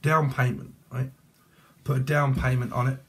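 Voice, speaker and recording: A man's voice: medium pitch, little pitch movement, normal speed, slight background noise. A man with a British accent giving a rambling, jokey tarot reading, free-associating and laughing at his own jokes. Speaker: tarot reader.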